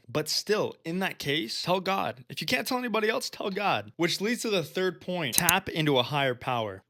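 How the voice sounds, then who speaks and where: A man's voice: medium pitch, a bit bright. A man speaking earnestly and directly to his viewers, sharing a personal testimony and urging them on like a preacher. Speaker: faith-based self-help video host.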